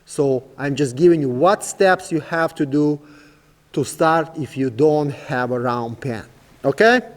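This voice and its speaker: A horse trainer talks in a patient, coaxing way, mixing soft commands to the animal with plain explanations in broken English. His voice sits a little high for a man. The sound carries a long, spacious reverb. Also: measured pace. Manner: calm, coaxing commands to a horse, in simple non-native English. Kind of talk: instructional demonstration.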